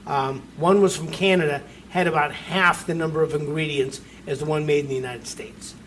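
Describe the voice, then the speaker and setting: A man's voice: fairly high pitch, steady tone, normal speed, fairly bright tone, a little hiss or hum. A man hosting a talk radio show, chatting casually in a folksy storytelling way and acting out the voices of people he quotes.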